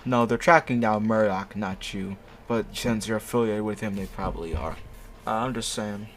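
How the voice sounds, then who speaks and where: A man's voice: lowish voice, moderate pace, a little hiss or hum. A young man reading fanfiction aloud in a casual chat, sarcastic and stumbling over words.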